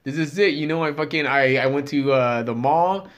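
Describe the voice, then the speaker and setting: Profane, rambling man with a high voice. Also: normal speed, smooth. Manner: profane, rambling, many fillers. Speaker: comedian guest. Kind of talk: casual storytelling chat.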